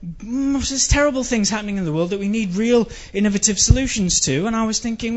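High-voiced man ranting in exasperation. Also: fairly quick, few pauses, lo-fi sound. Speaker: comedian. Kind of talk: stand-up comedy rant.

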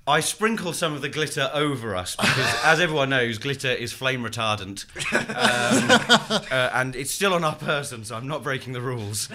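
A man's voice: mid-range voice, animated, moderate pace, few pauses, a crowd in the background. A man telling an improvised comic story, hesitant and full of fillers and laughs. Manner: rambling, hesitant, laughing often. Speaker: comedy game player.

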